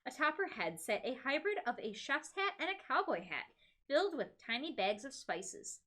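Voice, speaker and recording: A young woman reads a novel aloud with comic commentary, her voice bright and crisp. Her pitch rises and falls a lot, and she drops into amused, chatty asides. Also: sing-song, normal speed. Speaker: podcast co-host reading a novel aloud. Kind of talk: comedic read-aloud with commentary.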